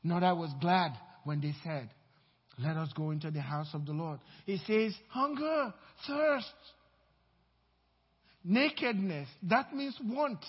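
A male pastor with a slightly rough voice preaches slowly in a church sanctuary. His sermon is emphatic, swinging from loud pronouncements to low asides, and the recording is dull and full of hall reverb.

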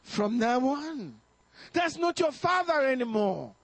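A male pastor preaching a fervent sermon to his congregation, exhorting them with bursts of shouting and chuckles. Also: very high voice, sing-song, slow, no echo. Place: church service.

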